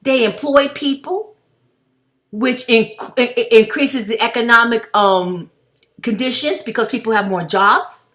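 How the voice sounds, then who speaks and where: Fiery, bright-voiced woman ranting to viewers. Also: a little high, measured pace. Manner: heated, blunt and profane, addressing viewers as family. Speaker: video blogger. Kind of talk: impassioned commentary rant.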